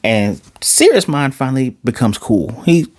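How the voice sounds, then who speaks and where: Excitable man recapping an episode. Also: medium pitch, normal speed, no echo. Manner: excitable, acts out characters' lines in shifting voices. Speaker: anime reviewer. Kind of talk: casual episode recap and review.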